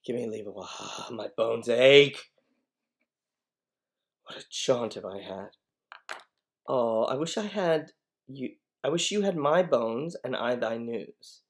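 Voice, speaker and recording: A man's voice: mid-range voice, animated, a little slow, a little hiss or hum. A man voicing a weary, complaining old nurse who groans about her aching bones. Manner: groaning, whining.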